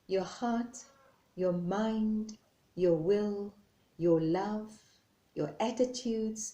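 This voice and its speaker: A woman speaking as a gentle, patient God in a parable, her voice soft and slow, recorded in an echoey room. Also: mid-range voice, close to an everyday voice.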